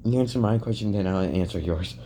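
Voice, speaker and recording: A man quoting a shy but quietly confident teenage boy in his own low, offhand voice. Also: fast talker, a little hiss or hum, lightly acted. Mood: matter-of-fact.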